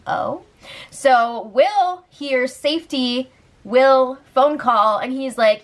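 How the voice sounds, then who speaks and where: Chatty young woman, higher voice. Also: slow pace, a bit bright. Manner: chatty, filler-heavy, giggly. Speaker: host recapping a reality show. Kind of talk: casual chatty recap.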